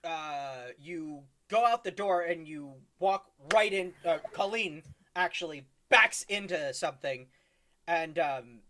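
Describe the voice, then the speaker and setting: A man's voice: on the high side, measured pace, sharp tone, a little hiss or hum. A man narrating as game master in a tabletop game, rambling with lots of ums and uhs. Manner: rambling, many ums and uhs, laughs often.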